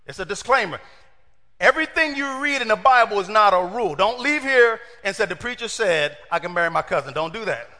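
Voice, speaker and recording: High, bright-voiced preacher in a hall. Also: male voice. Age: middle-aged. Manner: lively, acts out quoted voices, talks to the congregation. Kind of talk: storytelling sermon. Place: church hall. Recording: long hall reverb.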